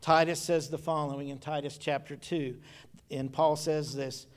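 A middle-aged pastor preaches a sermon in a clear, resonant voice that sits on the high side, delivered flatly at normal speed. He tells folksy stories from his own childhood, often repeating phrases for emphasis.

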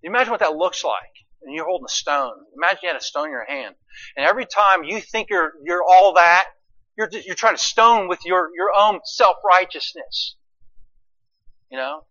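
A man preaching a sermon, swinging from quiet asides to loud, emphatic lines and asking his listeners rhetorical questions. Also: high voice, animated, normal speed, lo-fi sound. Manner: asks the congregation rhetorical questions.

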